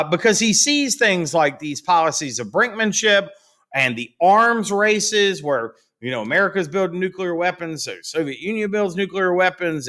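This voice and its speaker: Brief: high, animated male history teacher, casual and chatty, lots of "you know" and "uh". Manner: casual, chatty, many fillers, acts out quotes. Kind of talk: recorded classroom lecture.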